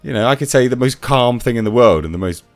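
A man's voice: medium pitch, lively intonation, fast talker, dry recording, faint music behind. A man giving a sarcastic, exasperated commentary rant as a reviewer. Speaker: YouTube reviewer. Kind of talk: ranting commentary.

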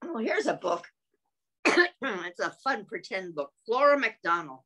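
A woman reading and singing to young children in a gentle voice, often asking them questions and clearing her throat. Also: medium pitch, sing-song, unhurried. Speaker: children's storyteller.

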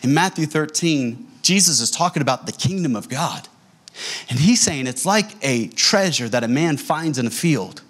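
Husky, lively pastor preaching. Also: male voice, on the high side, moderate pace. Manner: animated storytelling, acting out quoted dialogue. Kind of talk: sermon. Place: church sanctuary.

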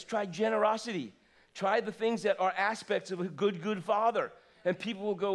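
Man, 50s, pastor, sermon, animated, soft asides, fairly high voice. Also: brisk. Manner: animated, swings from loud exclamations to soft asides. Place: church sanctuary.

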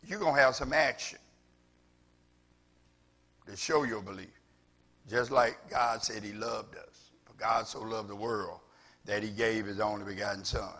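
A man preaching a sermon as pastor with a Southern US accent, repeating phrases and building from quiet talk to loud preaching. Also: lowish voice, measured pace. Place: church with several cameras.

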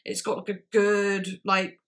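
A woman's voice: mid-range voice, monotone, a little slow. A young woman giving casual reaction commentary on songs, effusive and emotional, with lots of filler words. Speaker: music reaction vlogger.

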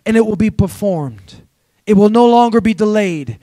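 High-voiced energetic man preaching. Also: a little fast, no room sound. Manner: energetic, exhorting, repetitive call-and-response. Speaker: guest preacher. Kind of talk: sermon. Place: church sanctuary.

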